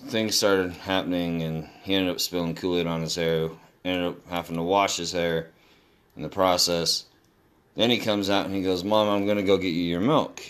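A man's voice: low-pitched, a bit bright. A middle-aged man hosting a podcast, telling a home story in a loose, rambling way with fillers and laughs. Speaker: podcast host. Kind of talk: casual storytelling monologue.

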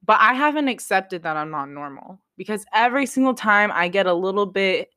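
A woman's voice: mid-range voice, expressive, fairly quick, sharp tone, clear, resonant tone. A young woman talking to camera in a confessional vlog, raw and self-critical, swearing often and restarting her sentences. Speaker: vlogger.

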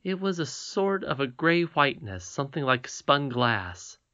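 A man narrating a storybook as an audiobook reader, soft and unhurried. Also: mid-range voice, very animated, dry recording, dull audio.

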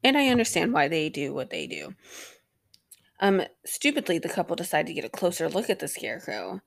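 A woman's voice: on the low side, very animated, fairly quick, creaky, dry recording. A young woman hosting a podcast, recapping an episode in a rambling, sarcastic way with plenty of swearing and filler words. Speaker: podcast host.

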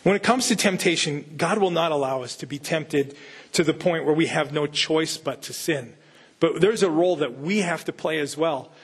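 A man's voice: a little high, normal speed, slightly rough. A man pastor giving a conversational sermon, full of rhetorical questions and casual asides.

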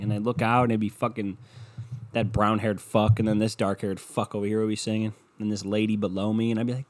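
A young man hosts a one-man podcast in a fairly low voice with a steady tone, talking fast into a podcast microphone. He rambles through a casual rant, sarcastic and full of swearing.

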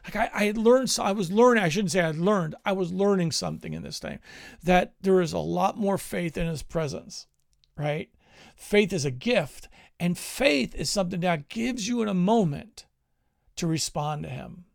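A man's voice: high voice, very animated, normal speed, gravelly, no room sound, studio quality. A man preaching a teaching sermon in an earnest, conversational way, telling stories of prayer and faith.

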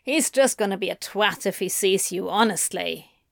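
A woman's voice: mid-range voice, normal speed, vocal fry, no room sound, studio quality, natural voice. A woman voicing a grumpy, blunt male demon who drawls coolly and swears. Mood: dry.

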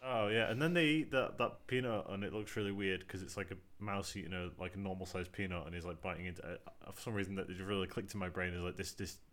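A man's voice: deep voice, steady tone, fast, hardly any pauses, fairly bright tone. A man from England co-hosting a podcast, chatting casually and rambling with lots of fillers and swearing. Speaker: podcast co-host. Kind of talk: casual chat.

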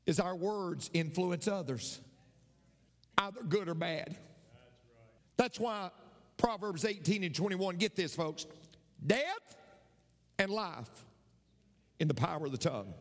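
A male pastor preaching slowly and emphatically, repeating lines and reciting scripture. His voice is high and swings widely in pitch, with a long reverb trailing behind him. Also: lively intonation. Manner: emphatic, repeats key phrases, quotes scripture. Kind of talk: sermon.

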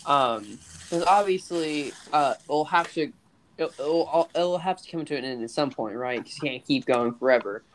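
A young man co-hosting a casual podcast chat, talking haltingly with many restarts and stammers. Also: a little high, animated, a little hiss or hum. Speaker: podcast co-host.

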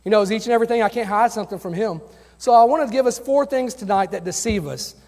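A man's voice: high-pitched, fast talker, a little mellow. A man preaching a sermon as a youth pastor, earnest and conversational, telling personal stories from the pulpit. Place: church sanctuary. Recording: long hall reverb.

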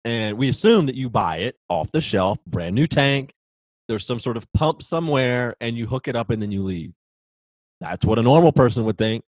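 A man in his twenties co-hosting a casual podcast, telling a story in an animated, exasperated way. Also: mid-range voice, moderate pace, dry recording, poor audio. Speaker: podcast co-host. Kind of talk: casual chat.

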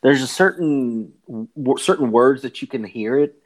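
A man's voice: medium pitch, animated, moderate pace. An older man hosting a podcast, chatting casually, rambling with repeated words and easy laughter. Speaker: podcast host. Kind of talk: casual interview chat.

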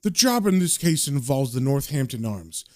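A man's voice: mid-range voice, sing-song, normal speed, a little mellow, natural voice. A man voicing a smug crime boss who makes cold threats. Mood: menacing.

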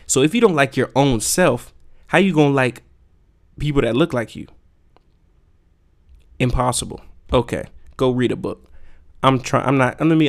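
A man hosting a podcast, delivering a heated, profane solo rant full of emphatic rhetorical questions. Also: mid-range voice. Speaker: podcast host. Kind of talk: casual ranting monologue.

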